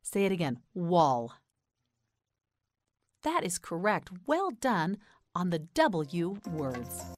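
Very animated yet very slow and deliberate, an American woman with a slightly low voice narrates a scripted beginner pronunciation lesson. She repeats each word with care and has the listener say it back. The close, dry recording has no room sound, with soft music playing in the background.

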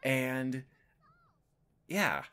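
A young man hosting a video, giving casual spoken commentary that rambles with lots of "like" and "you know" and swoops up and down in pitch. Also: huge pitch swings, drawn-out words, bright, forceful tone, clear, resonant tone. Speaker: video host.

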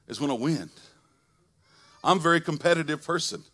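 A man's voice: fairly high pitch, brisk, no echo. Folksy man preaching, dry sound. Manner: swings between loud preaching and soft asides. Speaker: pastor. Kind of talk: sermon. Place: church sanctuary.

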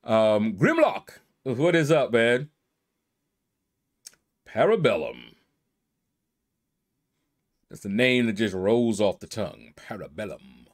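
A man with a mid-range voice talks through a game leaderboard in a loose, easygoing way. He shouts out players one by one and stretches some of their names in a playful drawl. It sounds like a casual gaming video. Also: mid-range voice, sing-song, slow pace, long pauses. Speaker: gaming YouTuber. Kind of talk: casual commentary reading a leaderboard.

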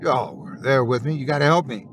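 A man's voice: mid-range voice, a little fast, natural voice. Give me a man playing a frightened teenage boy pleading for help, over a noisy recording. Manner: pleading, shaken. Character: scared teenage boy who stole a grave rock.

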